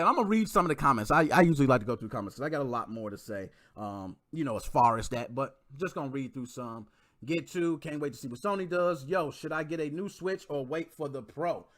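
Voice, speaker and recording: A man talking casually to his viewers, his voice bright and a little high for a man. His pitch swings a lot as he jokes in a slangy way and laughs easily. The sound is dry and close, with no room echo. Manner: animated and joking, quick laughs, slangy. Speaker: gaming channel host. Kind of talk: casual commentary, reading viewer comments.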